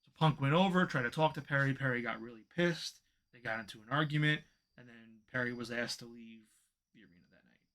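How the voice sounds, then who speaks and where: A man co-hosting a casual wrestling podcast, talking in an animated way and swearing as he vents. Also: mid-range voice, fast. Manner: animated, swearing, venting frustration. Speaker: podcast co-host.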